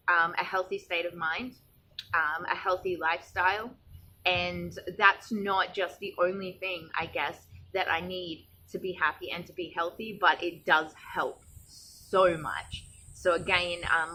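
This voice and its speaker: A woman's voice: on the low side, sharp tone, a little hiss or hum, rough recording. A young adult woman with an Australian accent talks openly to camera in a casual, reflective vlog, restarting phrases as she goes. She is speaking from an outdoor swimming pool. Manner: candid, reflective, with frequent restarts and fillers. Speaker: vlogger. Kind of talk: casual personal talk to camera.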